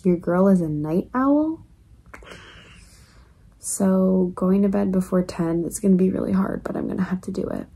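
A young woman shares her feelings in a quiet resort room, close to tears. Her voice is mellow and husky with a steady gravelly fry, and she rambles softly between fillers. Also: mid-range voice. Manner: soft, wistful, rambling with many "like" fillers. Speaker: vlogger. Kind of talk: casual confessional vlog.

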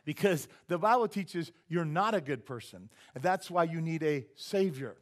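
Guy preaching a sermon in church, kinda high voice, loud then hushed, acts out voices and cracks jokes. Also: moderate pace. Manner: animated, swings from loud exclamations to hushed asides. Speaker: pastor. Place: church sanctuary.

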